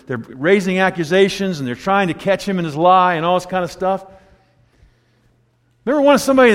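A man preaching a sermon, telling stories with lively acted-out quotes and asides. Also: high-pitched, big-room sound. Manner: animated storytelling, acting out quoted voices.

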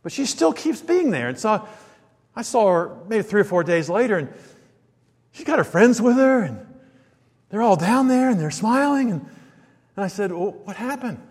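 A man preaching a storytelling sermon, dropping to hushed asides and then building to loud, emphatic lines. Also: high voice, big pitch swings, moderate pace, long pauses. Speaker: pastor. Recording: long reverb of a large hall.

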